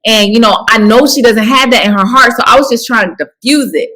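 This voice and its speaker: A woman with a bright, slightly high voice, recapping scenes in a relaxed and slangy way. Her tone stays clear and forward. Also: brisk, poor audio. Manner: relaxed retelling with slangy asides. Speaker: co-host. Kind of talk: casual recap chat.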